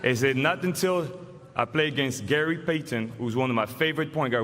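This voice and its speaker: A man in his forties with a French accent, giving an acceptance speech in a casual, halting way with fillers. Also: medium pitch, fairly bright tone, some chatter behind. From France. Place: large arena stage. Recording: long hall reverb, faint noise.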